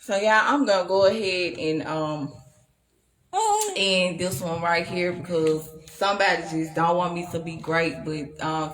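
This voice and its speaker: Emphatic woman teaching scripture. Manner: emphatic reading that swells into loud, high outbursts. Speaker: Bible teacher. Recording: echoey room with crowd noise.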